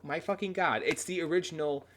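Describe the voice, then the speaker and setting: A man's voice: a little high, fairly quick, a bit bright, slight background noise. A man hosting a casual reaction video who rants, swears often and restarts his sentences a lot. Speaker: video host.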